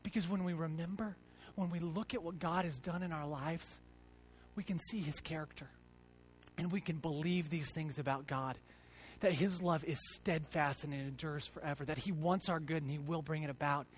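A man in his thirties preaching a sermon to a congregation in a church, earnest, swinging between loud emphasis and hushed reflection and often repeating words. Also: a little high, fairly even intonation, normal speed, a little hiss or hum. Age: 30s. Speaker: church teacher.

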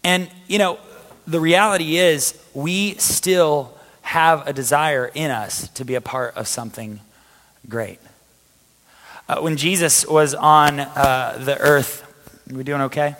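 A man preaching a conversational sermon to a live congregation, with energetic restarts and a voice going hoarse. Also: fairly high pitch, slow pace. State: losing his voice. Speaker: pastor. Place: church hall with a live audience. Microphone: handheld or stage mic. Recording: long hall reverb.

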